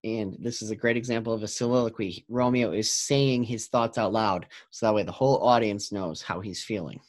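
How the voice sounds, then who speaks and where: A man's voice: on the low side, brisk, few pauses, no room sound. Casual male teacher, chatty classroom explainer, checks in often. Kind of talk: classroom read-aloud and explanation.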